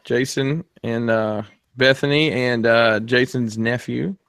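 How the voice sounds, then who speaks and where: Man, podcast host, easygoing banter, quick chuckles, loose half-finished sentences. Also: mid-range voice, fairly even intonation, fairly bright tone, clear, resonant tone, no echo. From Alabama, US. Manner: laid-back, chuckling often, trailing off mid-sentence. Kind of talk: casual chat.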